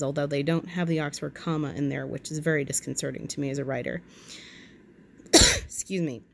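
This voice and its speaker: A woman with a low voice reads a history article aloud for her vlog and keeps stopping to add chatty, wry remarks of her own. The recording carries a faint, steady hiss in the background. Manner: chatty asides, wry and self-correcting. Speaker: vlog host. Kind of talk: reading aloud with casual commentary.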